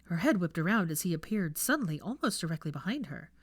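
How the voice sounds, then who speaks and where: A woman narrating a fan fiction story in a hushed, measured reading. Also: lowish voice, expressive, dry recording, clean studio sound. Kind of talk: audiobook narration.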